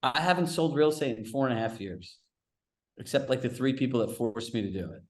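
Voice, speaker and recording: A man's voice: medium pitch, animated, roomy sound. Conversational man coaching a group. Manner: storytelling with quick asides; conversational and direct. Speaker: real estate business coach. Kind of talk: live group coaching talk.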